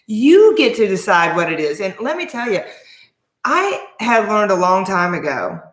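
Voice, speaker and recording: A woman's voice: mid-range voice, big pitch swings, moderate pace. A woman in her forties, a life coach, giving an emphatic motivational talk to camera with lots of rhetorical questions. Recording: roomy echo.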